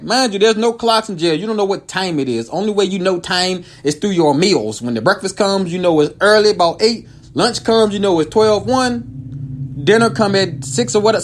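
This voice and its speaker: A man telling a personal story to his viewers in a casual, animated way, jumping from loud high outbursts to low, quiet asides. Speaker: comedian and show host.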